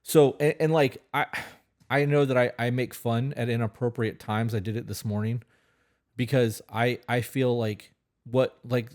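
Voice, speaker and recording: A man's voice: medium pitch, steady tone, normal speed, darkish tone. A man co-hosting a relationship podcast, talking bluntly and casually, swearing freely and often restarting his words. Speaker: podcast co-host.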